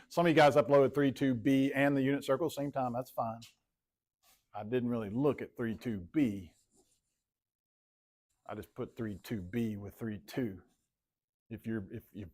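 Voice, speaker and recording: A man teaches math in a classroom. He talks casually, cracks jokes, and repeats short phrases as he works through problems at a middle pitch. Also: darkish tone.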